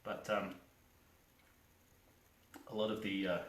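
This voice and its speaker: A man performing a one-man comedy show, talking quietly and offhandedly with hesitant asides. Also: low-pitched, level tone, takes it slowly, slight background noise. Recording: echoey room, distant mic.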